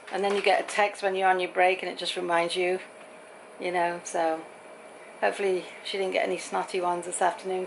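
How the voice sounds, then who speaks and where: A woman's voice: medium pitch, creaky, a little hiss or hum, low-quality recording. Chatty woman rambling on. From Britain. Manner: chatty, rambling storyteller acting out quoted voices. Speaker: vlogger. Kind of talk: casual chatty vlog. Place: home.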